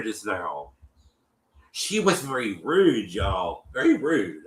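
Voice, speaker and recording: A man hosting a show, recapping an episode in casual chat, animated and full of fillers, with a cough. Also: fairly high pitch, moderate pace, echoey room, low-quality recording. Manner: animated, lots of fillers and repeats, acts out quotes.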